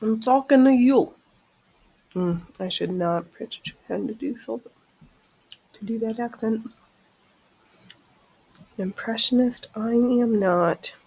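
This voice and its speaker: Husky and creaky, this channel host speaks slowly and pauses often on a low-quality recording. During her casual sewing stream she chats as she stitches, mocking herself good-naturedly and using a high baby voice for her cat.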